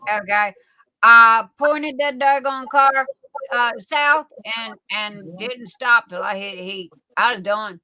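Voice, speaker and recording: Lady rambling stories on a live stream, bright voice, dry close mic, keeps repeating herself. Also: a little high, steady tone, measured pace, no echo, poor audio. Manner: folksy, repeats and restarts words. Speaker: livestream guest. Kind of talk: casual storytelling chat.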